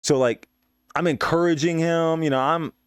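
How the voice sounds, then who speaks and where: A man's voice: a little high, steady tone, normal speed, smooth, no echo. Rambling, foul-mouthed young man telling a story. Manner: rambling, profane, fillers like "you know what I mean". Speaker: podcast host. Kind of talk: casual anecdote storytelling.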